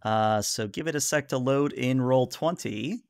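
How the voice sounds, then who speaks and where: A man narrating a tabletop role-playing game as game master, relaxed and filling pauses with "uh". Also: medium pitch, creaky, clear, resonant tone, no echo, clean studio sound. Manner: relaxed narration with many "uh" fillers.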